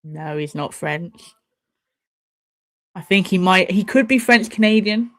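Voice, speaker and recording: A woman's voice: medium pitch, a little slow. A young woman casually chatting and swearing while she watches an awards show live for her stream viewers. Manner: chatty, swears, laughs and banters at the screen. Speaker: streamer hosting a watch party.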